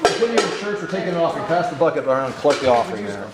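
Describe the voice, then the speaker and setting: This wiring instructor has a fairly high pitch and races along, very animated, as he leads a hands-on class in a classroom workshop. He explains each step and keeps checking that his students follow. The audio carries classroom echo and faint noise.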